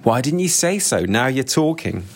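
A man's voice: sing-song, normal speed. Guy voicing a flirty wry woman trying to stay off the booze, voice bumped way up. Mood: playful. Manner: raised pitch for a female character.

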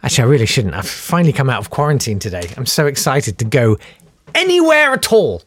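Lively man hosting a podcast. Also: fast, slightly rough. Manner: animated, sardonic, jumps into high mocking voices. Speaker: podcast host. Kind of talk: casual solo podcast chat.

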